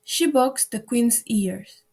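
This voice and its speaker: Woman voicing a nervous male white rabbit, timid, hushed, hurried. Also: a little high, slightly rough, full character voice. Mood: anxious.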